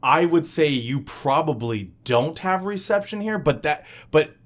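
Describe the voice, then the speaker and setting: A man's voice: a little high, expressive, measured pace. Light-voiced male podcast host, hesitant and giggly, makes up the scenario as he goes. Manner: hesitant, many fillers and restarts, laughs often. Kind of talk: casual improvised game-master chat.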